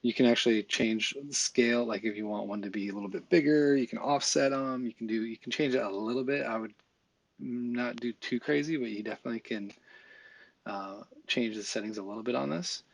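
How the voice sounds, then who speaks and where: A man talking through a software tutorial in a casual, think-aloud way, with fillers and small asides as he works. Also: mid-range voice, a little fast, gravelly, breathy edge. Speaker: visual effects tutorial instructor. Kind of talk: screen-recorded software tutorial.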